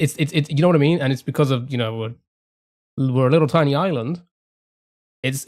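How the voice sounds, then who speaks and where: A man's voice: mid-range voice, darkish tone. Casual man chatting on stream. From England. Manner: rambling, swears casually, frequent restarts. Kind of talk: casual live-stream chat.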